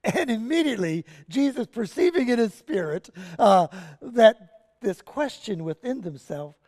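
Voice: mid-range voice, big pitch swings, unhurried, darkish tone, in a large hall. A pastor giving a sermon and telling a story with animation and casual asides. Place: church sanctuary.

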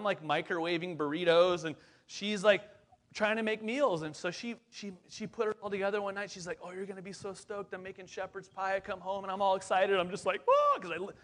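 A lead pastor in his forties preaching a casual sermon, chatty and upbeat, talking straight to the congregation with plenty of fillers and asides. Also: high voice.

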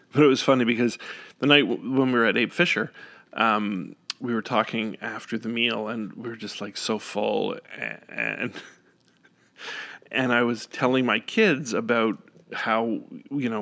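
A man's voice: medium pitch, unhurried, fairly bright tone. A man telling a casual, rambling story into a close microphone, often correcting himself and laughing. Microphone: studio microphone up close.

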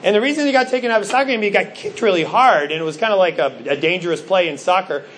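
A middle-aged man preaching from the pulpit in a high voice. He tells stories with animation and acts out the quoted lines. A faint hum of background noise runs under the recording. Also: very fast, a bit bright. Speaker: pastor. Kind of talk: sermon.

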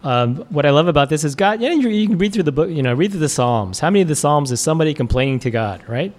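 A man's voice: on the high side, animated, quick pace. Chatty man preaching a casual sermon. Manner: casual, chuckling, many fillers. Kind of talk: conversational sermon.

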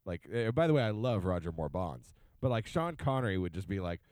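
A man co-hosting a podcast in casual chat, joking and swearing freely with an animated manner. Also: low-pitched, a little fast, no echo.

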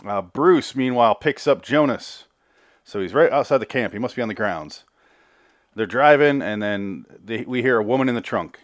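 A man's voice: mid-range voice, lively intonation, normal speed, no echo, studio quality. A man hosting a podcast, recapping an episode in a rambling, offhand way with some swearing. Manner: rambling, profane, self-interrupting. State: slightly out of breath. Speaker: podcast host.

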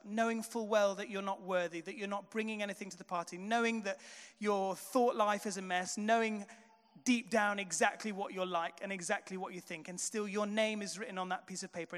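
A pastor with a high, smooth and resonant voice delivers his sermon like relaxed conversational storytelling, dropping frequent fillers such as "um" and "sort of". Behind him trails the long reverb of a large church hall.

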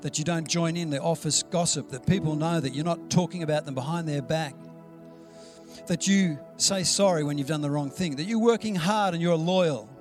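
A man preaching a sermon in an easygoing, storytelling way, voicing the people in his anecdotes. His voice sits a little high for a man. Music plays clearly behind him. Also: moderate pace, a little mellow. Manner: conversational storytelling preacher, acts out quoted dialogue. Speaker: pastor.

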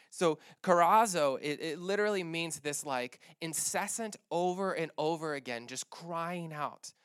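Conversational male preacher, smooth and dry. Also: a little high, no room sound. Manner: conversational, many restarts and fillers, animated retelling. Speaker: pastor. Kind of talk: sermon.

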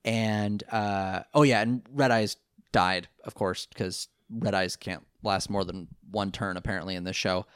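In a clean studio recording with no echo, a man with a fairly low, clear, resonant voice recaps a cartoon episode at a measured pace. As a podcast co-host in casual conversation, he rambles and acts out the characters' lines with put-on quotes.

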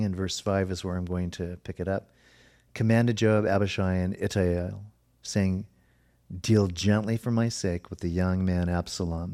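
Earnest preaching man, slightly low voice. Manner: earnest, emphatic preaching with sudden slow, soft stresses. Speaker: pastor. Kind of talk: sermon.

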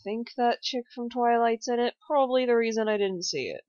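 A woman co-hosting a podcast, chatting casually, blunt and deadpan, swearing now and then. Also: fairly high pitch, fairly quick, dry recording. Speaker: podcast co-host. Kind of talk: casual chat. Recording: dull, dry lo-fi podcast audio.

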